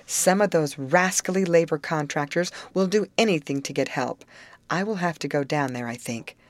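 A woman reading the part of a worried, decisive father who is a lawyer, speaking briskly. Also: low-pitched, no room sound, natural voice. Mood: urgent.

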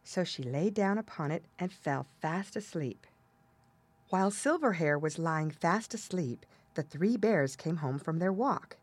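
A woman reads a classic children's story aloud with a lively, melodic lilt in a lowish voice. The recording is close and dry, with no room sound. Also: unhurried, no echo. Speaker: narrator. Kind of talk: storybook reading.

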